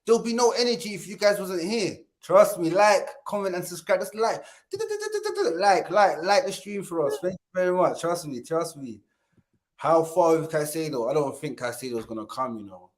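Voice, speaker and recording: A playful man co-hosting a casual live stream, with a voice that sits a little above the usual male pitch. He jokes freely, laughs often, repeats himself for effect and keeps asking viewers to like and subscribe. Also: fairly quick. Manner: hypes viewers and asks them to like and subscribe. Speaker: co-host of a fan channel stream.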